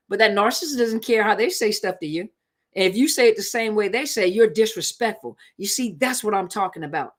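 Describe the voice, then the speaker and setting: Brisk and on the high side, this woman runs a casual live stream on relationships. Her delivery is conversational and forceful, with points repeated to hammer them home.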